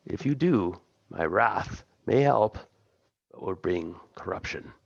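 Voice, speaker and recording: A man voicing an ancient female patron goddess who speaks slowly and commandingly. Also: deep voice, expressive, gravelly, breathy edge, dry recording, muffled recording, exaggerated voice. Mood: imperious. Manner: slow, measured, imperious speech.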